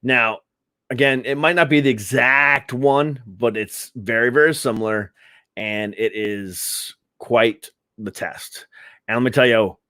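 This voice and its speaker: A man's voice: medium pitch, measured pace, bright, forceful tone, dry recording, studio quality. A man hosting a live stream, giving sarcastic, rambling commentary with laughs.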